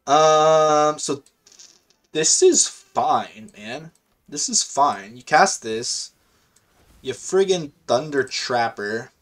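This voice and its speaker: A man hosting a gaming video, giving casual live commentary on his own play in a chatty, slangy and excitable way, thinking out loud. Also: fairly high pitch.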